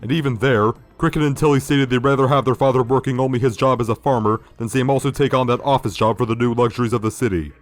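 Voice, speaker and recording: A man's voice: medium pitch, steady tone, fast, hardly any pauses, no room sound, faint music behind. Sardonic man reviewing a cartoon. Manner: sardonic, profane. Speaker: video essay host. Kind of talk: critical review commentary.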